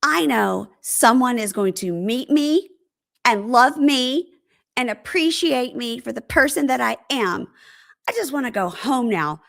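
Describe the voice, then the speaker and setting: A jilted woman venting in exasperated, dramatic outbursts, as a woman acts her out. Her voice swings widely in pitch, with a gravelly edge. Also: big pitch swings, moderate pace, hardly any pauses. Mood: resigned. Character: fed-up jilted woman ranting about men.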